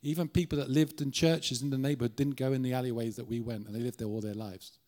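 A man's voice: medium pitch, steady tone, quick pace, darkish tone. A middle-aged Irish man preaching as a guest speaker in a church, earnest and conversational, often restarting his sentences. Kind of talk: sermon.

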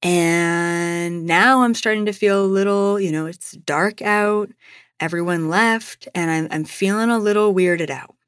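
A woman's voice: lowish voice, unhurried, a bit bright, clean tone, dry recording, studio quality. A young adult woman hosting a podcast, telling a personal story in a chatty way, full of "like" and "you know". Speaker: podcast host.

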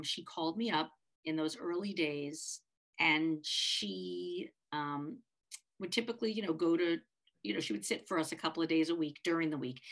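Middle-aged woman on a podcast, kinda low voice, heartfelt, keeps restarting her sentences. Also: gravelly, a bit bright. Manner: heartfelt, halting, with many restarts and repeated words. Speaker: podcast co-host, parent of a child with a disability. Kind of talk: candid podcast storytelling.

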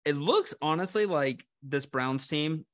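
A man's voice: a little high, measured pace, fairly bright tone. A man co-hosting a casual sports betting chat, opinionated and sarcastic as he makes his football picks. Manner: puts on a mock Cleveland accent at times. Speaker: podcast co-host making football picks.

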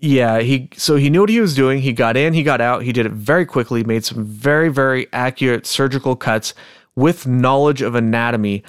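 A man co-hosting a casual true-crime podcast, reading old testimony aloud in a measured, deliberate way. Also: mid-range voice, clear, resonant tone, dry recording, clean studio sound. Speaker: podcast co-host.

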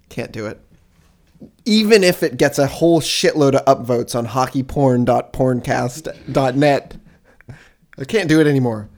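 A man co-hosting a comedy podcast, riffing and joking in deadpan banter. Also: mid-range voice, a little slow, long pauses, slight background noise. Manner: jokey, riffing, deadpan asides. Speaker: podcast co-host.

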